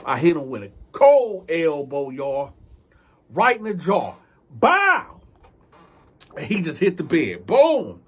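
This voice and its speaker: High-pitched male storyteller, emphatic and profane, who acts out his characters. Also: big pitch swings, a little slow, slightly rough. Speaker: storyteller, channel host. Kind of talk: animated prison storytelling.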